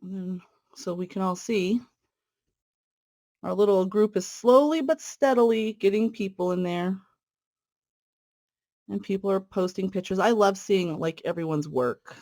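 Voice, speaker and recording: Chatting with her viewers while working a cross-stitch piece, this woman has a medium-pitched, slightly dark voice. She's friendly and meandering, full of fillers and side comments, and sometimes stops mid-thought as she threads and pulls her stitches.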